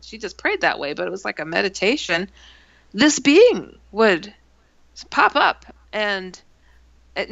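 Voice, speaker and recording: Author guest from Milwaukee, animated storyteller, gravelly edge, dull dry audio. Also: female voice, lowish voice. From Milwaukee, USA. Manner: animated, acts out dialogue in the story. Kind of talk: interview storytelling.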